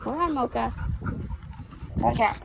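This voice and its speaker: Woman, high voice, slow unhurried talk, playful pet baby-talk, outdoor phone recording, noisy background. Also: creaky. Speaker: dog sitter vlogger. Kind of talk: casual vlog talking to a dog. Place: backyard outdoors. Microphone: handheld phone.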